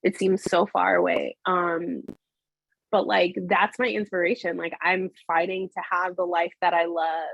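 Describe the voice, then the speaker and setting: A woman's voice: fairly low pitch, flat delivery, a little slow, creaky, a bit bright, no echo, muffled recording. A woman in her thirties, a music executive, speaking candidly in an interview, earnest and filling her talk with "like". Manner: earnest and emotional, many "like" fillers. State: tearful, voice breaking. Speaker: music industry executive, guest.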